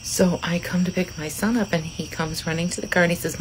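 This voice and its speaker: Low-voiced easygoing mom. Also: female voice, quick pace, few pauses, a little hiss or hum, poor audio. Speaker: mother telling a story. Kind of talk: casual storytelling to camera.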